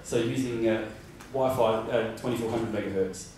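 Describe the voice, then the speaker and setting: A man's voice: on the low side, steady tone, moderate pace, a little mellow, a little hiss or hum. A man giving a conference presentation, rambling with many fillers and restarts. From Australia. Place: conference room. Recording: roomy hall from far off.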